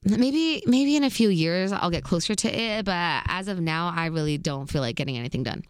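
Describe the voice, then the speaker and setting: A woman's voice: lowish voice, animated, normal speed, clear, resonant tone, no echo, studio quality. A young woman in a casual storytime vlog, retelling events in a chatty, slangy way full of asides. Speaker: vlogger.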